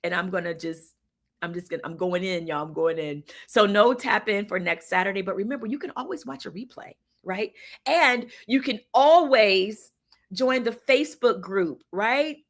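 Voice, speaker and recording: A woman's voice: mid-range voice, moderate pace. A woman hosting a casual livestream, talking to her viewers in an encouraging, chatty way. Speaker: livestream host.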